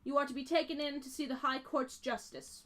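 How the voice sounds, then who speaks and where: Woman plays stern high elf guard leader, formal, commanding, pitched up. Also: fairly even intonation, fairly quick, a bit bright.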